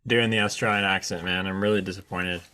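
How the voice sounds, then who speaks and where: A man co-hosting a casual podcast, teasing his friends in relaxed, filler-heavy chat. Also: low-pitched, fast talker, clean tone. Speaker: podcast co-host.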